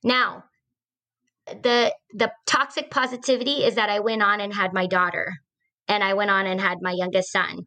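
A woman in her forties shares a personal story on a discussion podcast. Her voice is bright and clear at a middle pitch, and she talks earnestly and conversationally, with an occasional "um" and restarted phrase. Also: fairly even intonation, normal speed. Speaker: podcast host.

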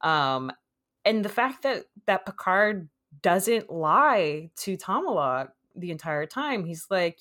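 A woman's voice: fairly low pitch, very animated, slow, fairly bright tone. A woman guest on a podcast, chatting casually and enthusiastically, laughing and acting out quotes. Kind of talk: casual chat.

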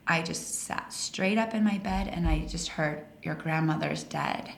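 A woman in her forties from Colorado, telling personal stories as a podcast guest in an animated way that laughs through the telling. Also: medium pitch, a little slow. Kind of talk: casual storytelling interview. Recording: roomy echo, faint hiss.

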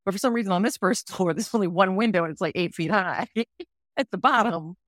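Woman, 40s, podcast host, animated storyteller, mid-pitched, dry close mic. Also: a little fast, no room sound. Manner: animated, laughs often while telling a story. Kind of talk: casual storytelling.

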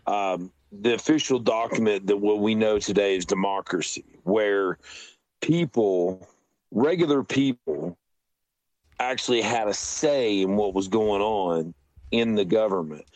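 A man co-hosting a casual podcast chat, rambling and halting as he works through his ideas. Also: fairly low pitch, a little mellow, no echo. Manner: rambling, slow and halting, with restarts. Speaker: podcast co-host.

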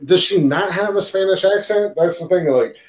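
A man's voice: high voice, moderate pace, a little mellow, poor audio. A man co-hosting a casual podcast, joking crudely and swearing freely. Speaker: podcast co-host. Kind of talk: casual chat.

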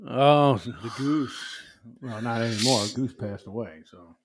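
A man's voice: medium pitch, unhurried. A man in casual podcast chat, giving short laid-back reactions and comments.

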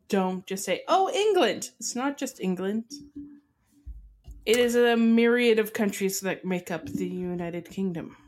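A woman's voice: mid-range voice, a little mellow. A woman co-hosting a podcast, chatting casually and explaining tips with many fillers. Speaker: podcast co-host. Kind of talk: casual chat.

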